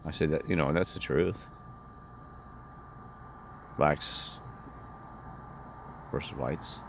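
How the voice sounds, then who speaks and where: A man with a very deep, low voice recounts a personal run-in in a rambling, indignant way. He circles back and restarts his sentences as he goes. Faint background noise sits under his voice. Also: fairly even intonation, slow. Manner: indignant, meandering storytelling with many restarts. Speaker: vlogger.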